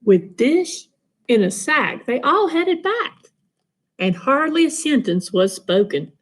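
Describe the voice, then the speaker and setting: Woman in a lively, unhurried story read-aloud. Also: high-pitched. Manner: expressive, sing-song storytelling. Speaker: storybook reader. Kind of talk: children's picture book read-aloud.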